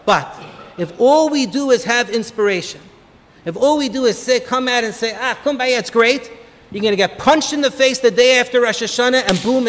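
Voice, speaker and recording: A man, a rabbi, giving an inspirational holiday talk full of lively, humorous stories. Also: high-pitched, a little hiss or hum. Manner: animated, humorous storyteller. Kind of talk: motivational holiday talk with storytelling. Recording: long reverb of a hall.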